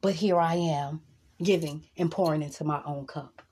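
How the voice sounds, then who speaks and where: A woman talking to camera in a fiery, preachy vlog monologue. Her voice has a husky edge, and she hammers her points by repeating them, with plenty of swearing. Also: low voice, fairly even intonation, normal speed, darkish tone. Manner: emphatic, preachy, profane; repeats lines for emphasis. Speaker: vlogger.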